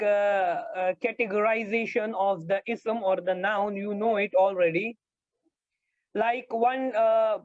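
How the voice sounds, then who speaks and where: A male grammar teacher giving an online lecture, explaining slowly and repeating his points with many hesitations. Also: sits high, no echo. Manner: slow, repetitive explaining with frequent hesitations. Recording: dull lo-fi dry sound.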